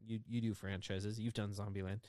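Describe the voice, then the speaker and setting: A man hosting a podcast, chatting quickly and excitedly about entertainment news and laughing often. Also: fairly low pitch, no echo, studio quality. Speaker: podcast host.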